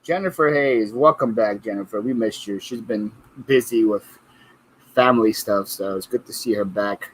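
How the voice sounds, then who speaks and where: A man's voice: on the low side, normal speed, a little hiss or hum, poor audio. A man hosting a casual reselling livestream, who reads viewer comments aloud and laughs often. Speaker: livestream host.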